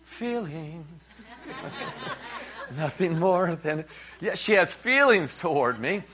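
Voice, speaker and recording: Middle-aged New preacher, man; lively storyteller who acts out both sides of a conversation, slightly dull recording. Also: fairly high pitch, slow, crowd noise. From New York. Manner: animated, repeats words, acts out dialogue. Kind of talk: humorous sermon storytelling. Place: church.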